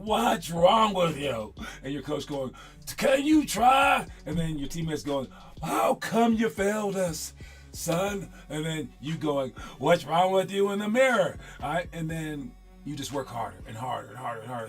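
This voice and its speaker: A man coaching young basketball players in casual, rambling talk that often repeats itself. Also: medium pitch. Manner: rambling, upbeat, repeats himself.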